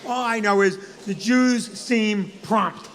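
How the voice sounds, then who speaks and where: A man, a comedian and co-host, telling a funny story in an animated, profane way. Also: high voice, takes it slowly, in a large hall. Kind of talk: comic storytelling.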